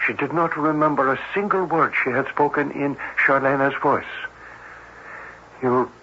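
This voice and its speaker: An actor playing a cautious, formal cardiologist, speaking in a measured, hesitant way in an old-time radio drama. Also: male voice, mid-range voice, fairly even intonation, pushed and bright. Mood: grave. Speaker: doctor. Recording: dull old radio broadcast with faint hiss.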